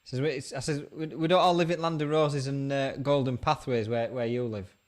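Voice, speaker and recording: A man's voice: mid-range voice, a little fast. Laughing man with a Yorkshire accent. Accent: West Yorkshire. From England. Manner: laughs often, banters, animated. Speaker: host. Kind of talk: casual chat.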